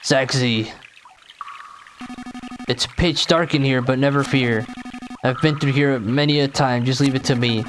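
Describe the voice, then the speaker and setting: A man reading the lines of a talkative older man who guides the way through a cave, in a plain, slow reading voice over faint game music. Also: medium pitch, fairly even intonation, close to an everyday voice. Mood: bossy.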